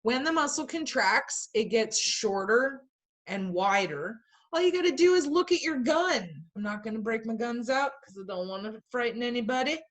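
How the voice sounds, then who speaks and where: A woman's voice: fairly high pitch, a bit bright. A woman teaching an online class over a video call, chatty and emphatic. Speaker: instructor.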